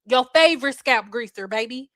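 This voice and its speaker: A woman's voice: fairly high pitch, animated, normal speed, pushed and bright, dry recording, clean studio sound. A woman ranting as a hair care educator, blunt, exasperated and profane in casual livestream talk.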